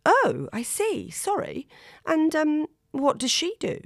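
A woman reads aloud in a full character voice pitched above her own, playing a prim, judgmental, snobbish and fussy young mother. Her delivery sits high with huge pitch swings, a slow pace and vocal fry. The recording is dry, with clean studio sound.

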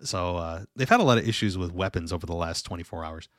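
Opinionated male reviewer, slightly low voice, casual rambling delivery, dry room. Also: fast talker, fairly bright tone, dry recording. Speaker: wrestling show reviewer. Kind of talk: casual commentary.

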